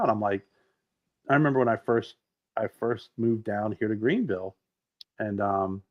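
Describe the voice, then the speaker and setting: Rambling male podcast co-host, mid-pitched. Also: muffled recording. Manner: rambling, animated storyteller with frequent restarts. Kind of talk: casual chat.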